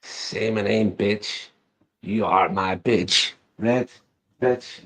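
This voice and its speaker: A man's voice: lowish voice, drawn-out words, a bit bright. Crude teasing man, swearing. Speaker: live stream guest. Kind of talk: casual chat.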